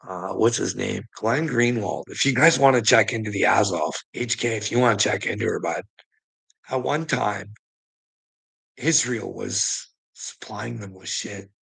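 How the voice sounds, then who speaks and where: Gravelly, husky man in a profane rant. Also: lowish voice, a little slow, a bit bright. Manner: rambling, profane, laughs often. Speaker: vlogger.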